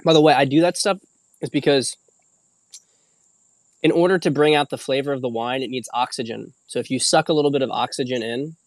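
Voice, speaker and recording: A man's voice: mid-range voice, fairly quick, no echo. A man hosting a casual livestream, rambling loosely with frequent fillers and the odd swear word. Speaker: host.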